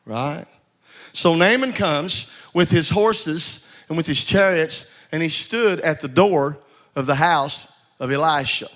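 A man's voice: a little high, slow pace, fairly bright tone. A male pastor preaching a sermon. He exhorts the congregation, calls for responses, and often repeats words.

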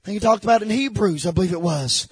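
Husky high-voiced male preacher, shouting. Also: very fast, no room sound. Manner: shouting, dropping to hushed confessional tones; emphatic, repeats phrases. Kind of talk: sermon.

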